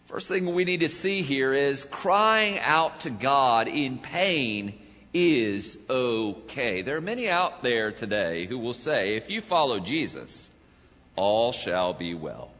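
A male pastor, preaching a sermon in a dramatic way, swelling to loud cries and then dropping low. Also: very animated, takes it slowly. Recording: dull lo-fi sound with long hall reverb.

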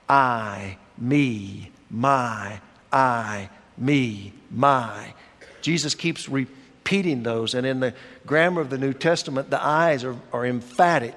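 Slow-preaching pastor in a reverberant hall. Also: male voice, mid-range voice, a bit bright. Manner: slow, deliberate preaching with emphatic pauses. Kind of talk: sermon.

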